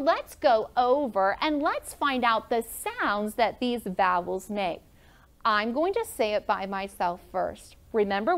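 A woman teaching a first grade classroom lesson, upbeat and encouraging as she calls on pupils by name. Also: a little high. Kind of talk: classroom lesson for students and viewers.

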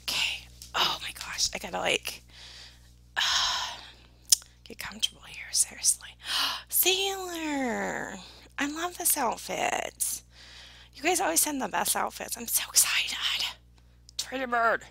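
A woman in casual chat with her viewers, gushing and excitable, thanking people by name and now and then dropping into a whisper. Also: on the high side, a little slow, gravelly, pauses often, breathy edge. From United Kingdom. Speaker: vlogger opening viewer gifts.

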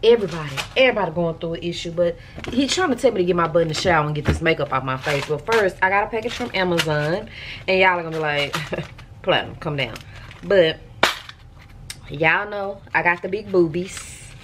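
A woman's voice: lowish voice, fairly quick, noisy background. Chatty woman vlogging from home. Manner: animated, talks straight to viewers. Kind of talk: casual chat to camera. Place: at home, indoors.

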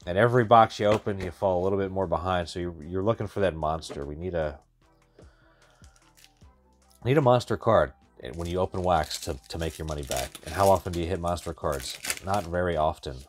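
A man with a low voice hosts a card-breaking channel, offering wry, chatty running commentary at a brisk clip as he opens packs. Faint music plays in the background.

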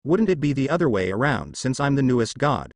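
A man voicing a newly risen young god who speaks smoothly but firmly. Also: mid-range voice, very animated, a little fast, dry recording, clean studio sound.

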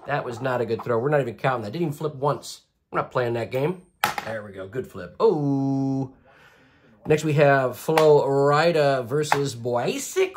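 A host doing deadpan, absurd jokes while flipping a coin for picks in a comedy vlog. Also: medium pitch. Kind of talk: comedic coin-flip bracket picking vlog.

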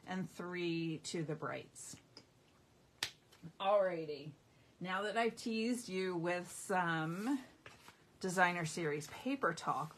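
A woman's voice: fairly low pitch, a little hiss or hum. A middle-aged woman hosting a casual live craft showcase, gushing enthusiastically over her products. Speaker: craft demonstrator.

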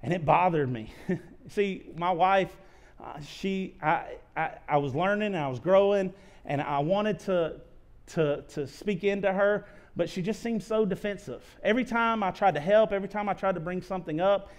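A man's voice: sits high, moderate pace. A man in his thirties preaching a sermon as a pastor, speaking earnestly and confessionally, often restarting and repeating his words. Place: church sanctuary.

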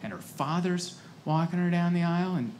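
A man in his thirties works a live stand-up set with a slightly higher voice than most men. He is self-deprecating and keeps slipping into other people's voices. Clear crowd laughter and room noise sit behind him. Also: brisk, a little mellow. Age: 30s. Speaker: stand-up comedian. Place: comedy stage before a laughing audience. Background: audience laughter.

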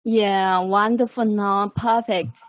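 Slow, lavishly praising woman teacher. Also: mid-range voice, fairly even intonation, no echo. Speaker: English teacher. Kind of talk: online language lesson. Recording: muffled online call audio.

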